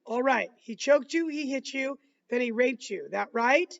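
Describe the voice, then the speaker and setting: A man reading a calm, probing lawyer. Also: extremely high pitch, vocal fry, highs cut off, full character voice. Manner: measured, questioning. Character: calm, patient older male lawyer.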